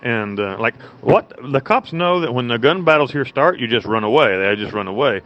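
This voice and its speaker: A man's voice: medium pitch, expressive, moderate pace. A man from the United States, a prison inmate, telling stories bluntly and profanely from his cell over a cell phone, with many restarts. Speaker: interview guest, prison inmate. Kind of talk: rambling conversational storytelling. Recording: muffled lo-fi phone line with faint noise.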